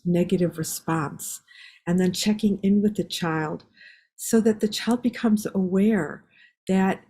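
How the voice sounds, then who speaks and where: A husky, dark-toned voice at mid-range belongs to this older psychiatry researcher being interviewed. She reflects and explains in her answers, voicing what parents said.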